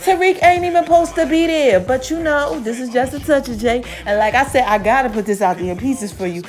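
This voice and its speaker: High-voiced excitable woman recapping a show. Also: fairly quick. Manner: excitable storytelling, addresses listeners as y'all. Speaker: podcast host. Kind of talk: casual TV episode recap.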